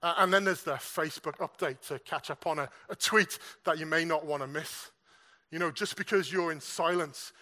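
Male preacher, high and bright, earnest sermon delivery with rhetorical questions. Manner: earnest, repeats words, asks the audience questions.

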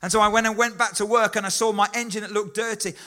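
A man's voice: sits high, fairly even intonation, fast talker, sharp tone. A man voicing a humble, joyful old male ferry engineer in his own voice, speaking earnestly and plainly.

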